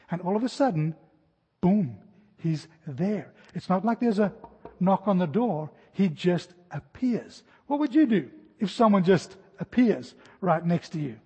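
A man in his forties preaching an expository sermon, animated, acting out the jumps and shouts of his stories. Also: high-pitched, unhurried, slightly rough, big-room sound. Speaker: pastor.

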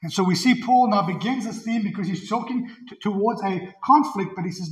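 High-voiced emphatic man preaching. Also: fairly quick, hardly any pauses, rough recording. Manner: earnest, emphatic, repeats key phrases. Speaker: pastor. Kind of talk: expository sermon.

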